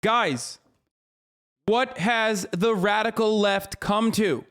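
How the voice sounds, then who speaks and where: A man putting on the voice of an outraged older male pundit, slow and mock-indignant. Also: high voice, a bit bright, clear, resonant tone. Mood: mock outrage.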